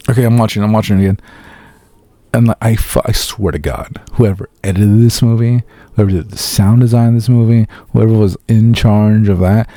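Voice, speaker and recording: Low, dark-voiced man ranting casually. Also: vocal fry, no echo. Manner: profane, sarcastic, mimics characters in quick asides. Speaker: podcast host reviewing a film. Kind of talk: casual solo review.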